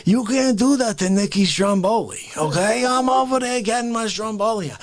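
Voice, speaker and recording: A man voicing a loud, indignant middle-aged New York mobster who demands respect, in a put-on New York accent. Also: high voice, normal speed, pitched above the performer's own voice, lightly acted. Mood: outraged. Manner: outraged, escalating shouts. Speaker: comedian.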